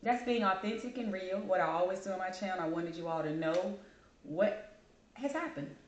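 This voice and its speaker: A woman's voice: lowish voice, moderate pace, roomy sound, muffled recording. A woman hosting her own vlog, talking candidly to camera while grieving and holding back tears, calling her viewers y'all. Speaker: channel host.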